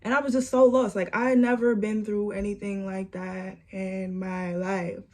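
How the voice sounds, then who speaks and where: A young woman, telling a storytime vlog story with animated repeats and lots of "like". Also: medium pitch, a little slow. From New York. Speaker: vlogger.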